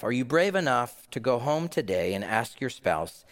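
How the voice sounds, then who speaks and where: A man's voice: medium pitch, expressive, moderate pace, few pauses, big-room sound. A man, a pastor, preaching an earnest, emphatic sermon in a church and closing with a prayer.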